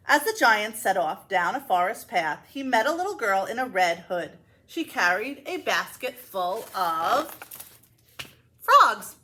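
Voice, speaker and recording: A woman librarian reading a children's picture book aloud, expressive and playful, with asides to young listeners. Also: mid-range voice, a little slow. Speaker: school librarian.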